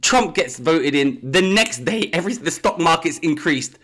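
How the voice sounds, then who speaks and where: A man co-hosting a podcast, talking in an animated, rambling way with many restarts. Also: a little high, normal speed. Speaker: podcast co-host. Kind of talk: casual chat.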